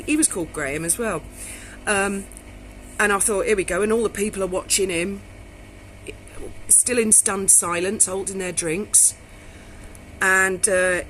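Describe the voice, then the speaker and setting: A woman's voice: medium pitch, a little hiss or hum, rough recording. Blunt, swearing woman telling stories. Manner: blunt, swears freely, animated storyteller. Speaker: vlogger. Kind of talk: casual storytelling to camera.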